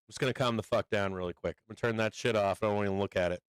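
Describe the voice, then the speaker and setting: A man hosting a live stock trading stream, talking through charts and swearing loudly when a trade turns against him. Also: lowish voice, very fast, clean tone, no echo. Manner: profane, swings from calm chart talk to furious outbursts. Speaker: livestream trading host. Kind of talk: live market stream commentary.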